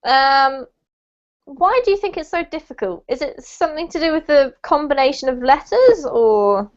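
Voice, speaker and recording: The recording of this British English pronunciation teacher is muffled, coming through a video call. She has a high voice with lively intonation at normal speed, and she's chatty and encouraging in her online class, with frequent ums.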